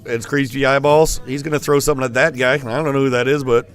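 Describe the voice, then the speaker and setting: A man's voice: medium pitch, steady tone, fast. A man giving rambling, playful live commentary on a school esports match. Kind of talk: joking live game commentary.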